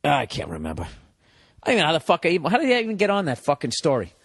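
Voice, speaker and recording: A man's voice: on the high side, huge pitch swings, very fast, creaky, husky. A man hosting a podcast, telling a rambling, profane comic story and breaking in to act out other people's voices. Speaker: podcast host.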